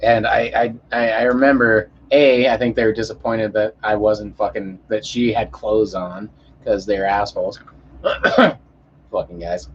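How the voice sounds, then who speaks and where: A man's voice: lowish voice, level tone, a little slow, breathy edge. A young man telling a story in a profane, heated rant, acting out the voices of the people in it. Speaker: podcast storyteller. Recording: muffled lo-fi audio.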